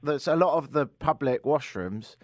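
A man's voice: medium pitch, moderate pace, no room sound. A British man hosting a radio talk show, chatting in a wry, joking way. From United Kingdom. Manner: wry, joking, lively storyteller. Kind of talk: casual radio chat.

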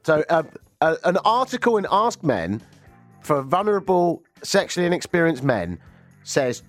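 A man's voice: fairly high pitch, sing-song, moderate pace, no room sound, soft background music. A man hosting a talk radio show, with a stuffy nose from a cold. He tells stories with sarcasm and animation. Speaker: radio host. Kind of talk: casual talk radio banter.

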